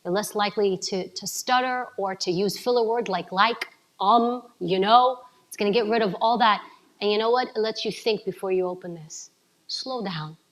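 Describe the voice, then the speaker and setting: A woman from New giving an energetic coaching talk to a live audience, asking them questions. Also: medium pitch, fairly quick. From New York City. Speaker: speaker at a summit.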